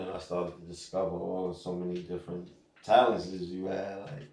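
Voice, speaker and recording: A man's voice: low voice, flat delivery, normal speed, hardly any pauses, darkish tone, reverberant, distant mic. A man hosting a podcast in a casual interview chat, talking laid-back and slangy with lots of fillers. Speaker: podcast host.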